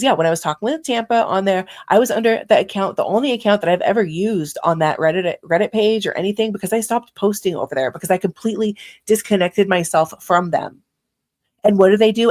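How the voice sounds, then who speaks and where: A woman's voice: mid-range voice, darkish tone. A young adult woman hosting a livestream, ranting angrily and profanely at her chat. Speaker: livestream host. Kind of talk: angry livestream rant.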